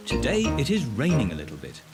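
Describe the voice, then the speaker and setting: A man narrating a children's cartoon in a calm, plain storybook manner. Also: mid-range voice, quick pace, loud music behind the voice.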